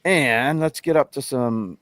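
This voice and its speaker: A man's voice: mid-range voice, slow, a bit bright, dry recording. A man co-hosting a live show, chatting casually and reading out viewer names with laughs. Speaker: co-host of a livestream show.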